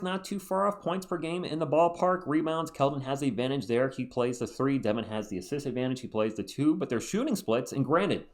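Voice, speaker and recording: A man hosting a sports channel, talking through basketball opinions in a chatty, animated way with quick asides. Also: a little high. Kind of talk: solo sports commentary video.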